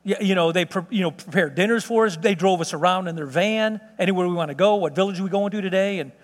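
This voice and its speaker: A man giving an animated sermon testimony, telling a story with laughs and exclamations. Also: sits high, quick pace. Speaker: preacher. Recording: hall reverb.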